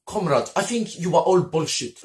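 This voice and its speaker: A man's voice: a little high, a little hiss or hum. A man hosting a comedy channel, swearing a lot, laughing often and calling everyone comrade as he chats over a game. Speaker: comedy YouTuber host. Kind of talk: profane comedic gaming commentary.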